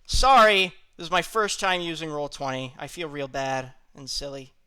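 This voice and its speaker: A man's voice: on the high side, animated, normal speed, bright, forceful tone, smooth. A man running a tabletop game as game master, talking hesitantly and apologizing as he fumbles with the tools.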